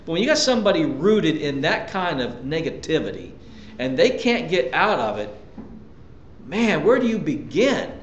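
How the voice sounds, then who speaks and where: A man preaching a sermon as pastor, emphatic, repeating key lines and jumping up in pitch to drive points home. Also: big pitch swings, moderate pace, slight background noise. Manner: emphatic preaching, sudden pitch jumps and repetitions. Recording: echoey church room, dull lo-fi sound.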